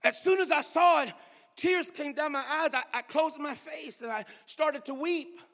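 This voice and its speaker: Pastor, man, high-pitched, storytelling sermon, dynamic from booming to whispered, long church reverb. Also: normal speed. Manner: swings between loud outbursts and hushed near-whispers. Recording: long reverb of a large hall.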